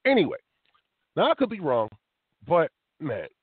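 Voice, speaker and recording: A man's voice: a little high, measured pace, husky, dry recording. Riled-up male wrestling talk host. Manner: animated, riled up, emphatic. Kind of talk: heated radio talk. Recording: tinny phone-quality internet radio.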